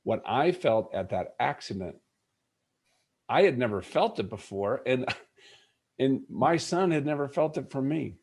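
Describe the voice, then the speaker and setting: A man's voice: medium pitch, lively intonation, measured pace, pauses often, a little mellow, husky. A middle-aged man, a guest in an interview, earnestly telling a personal story and acting out bits of dialogue.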